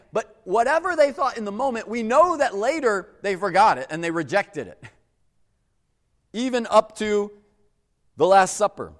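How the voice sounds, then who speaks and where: A man preaching a sermon as a pastor, talking in a conversational way and acting out quoted voices. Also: sits high. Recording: long hall reverb.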